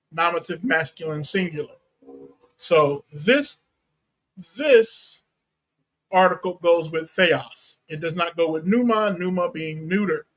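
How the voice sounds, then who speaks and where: A pastor giving a teaching sermon, reading and explaining Bible verses in a deliberate way and unpacking Greek words. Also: male voice, high-pitched, fairly bright tone, low-quality recording. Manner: slow, deliberate Bible exposition with Greek terms.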